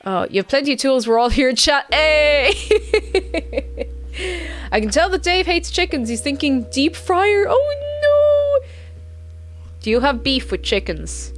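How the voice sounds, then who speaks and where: Female game streamer, bright higher voice, loose chatty delivery. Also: big pitch swings, slow. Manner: chatty, giggly, rambling asides. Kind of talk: casual live-stream chat while playing.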